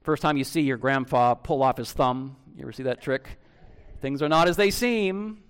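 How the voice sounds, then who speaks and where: A man preaching a sermon in a conversational, animated way, with frequent restarts and direct questions to the congregation. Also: medium pitch, moderate pace, clear, resonant tone. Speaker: pastor.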